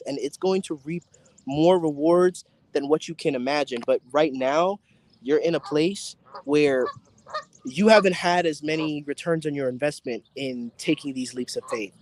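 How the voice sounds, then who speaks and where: A man with a fairly high voice runs a psychic reading stream from outside in the sun, talking into his phone. He is chatty and easily excited, cursing offhand as he speaks directly to the people watching. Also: normal speed. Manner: excitable, chatty, swears casually, addresses viewers directly. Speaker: psychic tarot reader hosting a live stream. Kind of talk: casual live-stream reading. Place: outdoors in bright sun.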